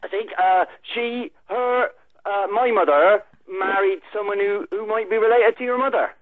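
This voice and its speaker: A man's voice: high voice, moderate pace, no room sound, close to an everyday voice. A man faking an accented eager phone caller. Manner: overeager, rambling. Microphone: telephone. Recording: tinny phone line.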